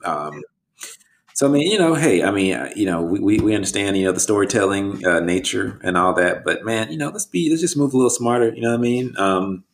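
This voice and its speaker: Deep-voiced laid-back man chatting. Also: lively intonation, brisk, gravelly. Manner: laid-back, rambling, heavy fillers and restarts. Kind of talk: casual chat.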